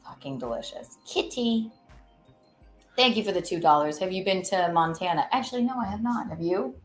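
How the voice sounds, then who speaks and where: A woman hosting a casual cooking livestream, chatting in an animated, giggly way and reading out viewer tips. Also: medium pitch, normal speed. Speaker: cooking show host. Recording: echoey room with faint music.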